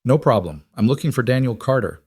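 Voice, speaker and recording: A man's voice: mid-range voice, expressive, brisk, a little mellow, husky, dry recording, studio quality. A man doing a curt female billionaire CEO. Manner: clipped and commanding.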